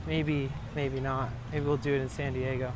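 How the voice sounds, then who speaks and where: A man's voice: medium pitch, little pitch movement, normal speed. A young man chatting casually on a live stream from a city street, loose and chatty and swearing freely. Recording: faint street noise behind.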